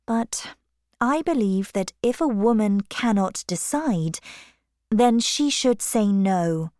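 A woman voicing a composed young gentlewoman who speaks in a measured, careful way. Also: medium pitch, expressive, no room sound, studio quality. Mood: earnest.

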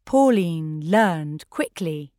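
A woman narrating a simple storybook in a careful, clearly paced way. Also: on the low side, lively intonation, very slow, dark tone, dry recording, clean studio sound. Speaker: audiobook narrator. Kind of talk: slow graded-reader narration.

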